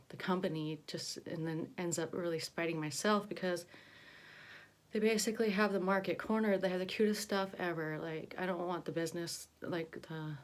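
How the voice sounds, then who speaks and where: A young woman telling a story in a casual vlog, rambling with many fillers and restarts. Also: on the low side. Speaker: vlogger.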